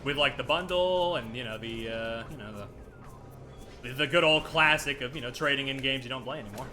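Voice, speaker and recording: A man's voice: mid-range voice, fairly quick, bright, forceful tone. A man streaming a video game, ranting casually with lots of laughter and swearing. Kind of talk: casual gameplay stream commentary.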